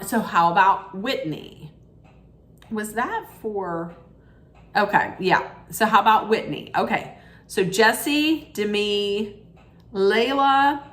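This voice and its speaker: A woman's voice: mid-range voice, fairly bright tone. A woman giving a casual recap rant of a reality show, rambling and opinionated with frequent ums and restarts.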